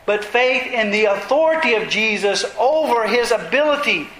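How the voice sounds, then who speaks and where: A man's voice: high voice, expressive, normal speed, fairly bright tone, a little hiss or hum. A man preaching an expository sermon, retelling scripture passages earnestly and pressing his points with emphasis. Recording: roomy echo.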